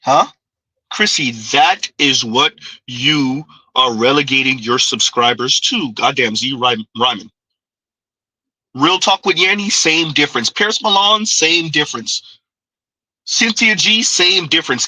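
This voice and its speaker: Needling, animated male commentary host. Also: on the high side, measured pace, dry recording, low-quality recording. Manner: needling, rhetorical, keeps asking "huh?". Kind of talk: reaction commentary.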